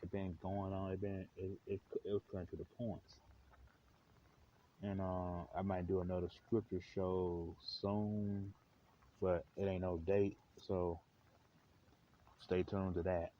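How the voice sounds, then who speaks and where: A man's voice: low-pitched, little pitch movement, unhurried, pauses often. A man hosting a live stream, rambling in slang with lots of fillers. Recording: dull lo-fi with faint hiss.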